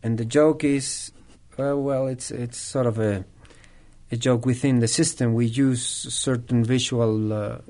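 A man answers interview questions in an everyday mid-range voice. He trains people in nonviolent communication and tells his stories thoughtfully. He pauses often and starts his sentences over. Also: mid-range voice, steady tone, a little mellow. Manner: thoughtful, with frequent restarts and pauses.

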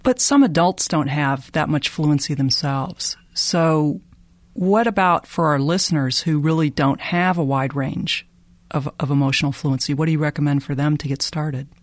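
A man's voice: on the high side, no room sound. Man hosting, dry close sound. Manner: measured, asks guiding questions. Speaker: interview host. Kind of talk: interview questions.

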